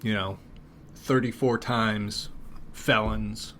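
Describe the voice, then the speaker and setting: A man's voice: lowish voice, steady tone, slow, a loud crowd. A man co-hosting a podcast in casual chat, laughing along and dropping wry asides. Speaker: podcast co-host.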